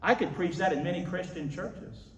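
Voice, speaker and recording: A male pastor preaching an animated sermon, his voice booming when he quotes scripture. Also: normal speed. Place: large church hall. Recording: echoey hall, voice from far off.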